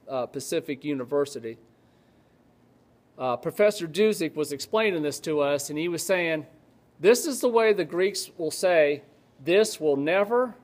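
A man preaches a Bible lesson in an easy, talkative way. His voice sits a little high for a man. He wanders off on asides and keeps checking that the congregation is with him. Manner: conversational, digressive, checks in with the congregation. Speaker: pastor. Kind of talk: Bible teaching sermon.

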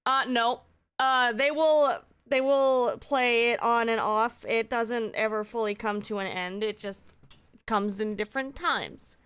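A woman with a bright, clear, slightly high voice chats on a live stream. She is excitable and swears freely. Her voice is still recovering from strain. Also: unhurried. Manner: excitable and heavily profane. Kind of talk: casual live-stream chat.

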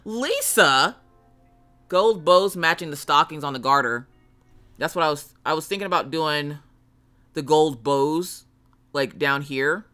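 A woman's voice: deep voice, unhurried, long pauses, bright, forceful tone, faint music behind. A woman streaming live, thinking aloud as she draws and greeting her chat in a casual, chatty way.

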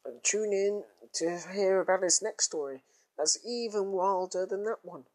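A man's voice: high-pitched, a little mellow. A man telling a crude comic story in a casual, rambling way. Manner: rambling, crude, drawn-out groans.

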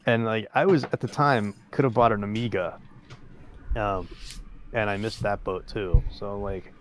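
A man's voice: lowish voice, fairly even intonation, measured pace, slight background noise. A man co-hosting a casual video-call podcast, rambling and trailing off as he recalls things. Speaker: podcast co-host. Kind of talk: casual chat.

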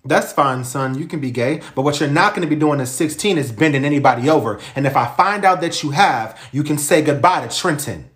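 A man's voice: fairly high pitch, brisk, hardly any pauses, fairly bright tone, echoey room, natural voice. A man voicing a stern, threatening middle-aged father who makes blunt threats. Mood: lecturing.

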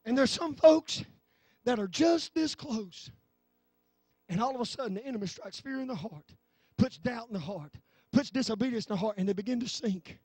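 Man, pastor preaching, fervent, husky, dry recording. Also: expressive, brisk, dry recording. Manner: fervent, swings from low talk to shouting. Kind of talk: sermon. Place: church sanctuary.

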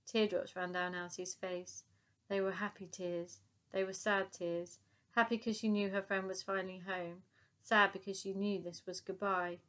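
A woman narrating a children's book aloud in a calm, even storytelling manner. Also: mid-range voice.

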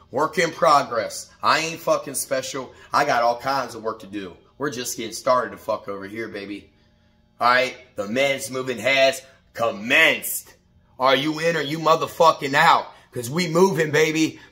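Brief: blunt, foul-mouthed motivational vlogger, middle-aged man, bright edge, repetitive, pushes to hype shouts. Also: mid-range voice. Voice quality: profane, blunt, street-casual. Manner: preachy, repetitive, rising to shouted pep talk. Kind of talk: morning motivational talk to camera.

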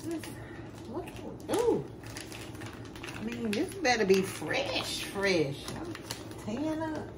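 A worn-out woman speaking chats to her viewers in a slow, laid-back way while cooking at home. Her voice rings in an echoey room, with clear background noise behind her. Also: a little high, big pitch swings. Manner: laid-back, tired, talks to viewers as y'all with casual swearing. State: sleepy, exhausted. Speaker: vlogger. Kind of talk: casual vlog chat to camera. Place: home kitchen, indoors.

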